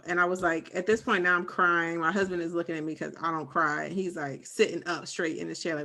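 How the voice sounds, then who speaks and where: Bright animated woman telling a story. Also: fairly low pitch, fairly quick, creaky, few pauses. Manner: animated storyteller, acts out quotes. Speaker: podcast co-host. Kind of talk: casual chat, personal story.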